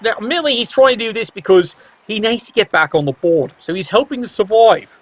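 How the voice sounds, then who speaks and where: A man with a fairly high voice commentates a game play by play, wry and quick to get excited. His tone is sarcastic and casual. The recording sounds dull and lo-fi.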